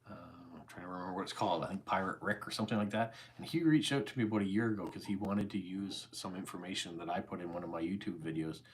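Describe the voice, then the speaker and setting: A calm, easygoing Canadian man in his forties with a very deep voice, chatting casually with viewers on a live stream. He sounds unhurried and relaxed, and a faint hiss sits under his voice. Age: 40s. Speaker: YouTube host. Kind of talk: casual livestream chat answering viewer comments.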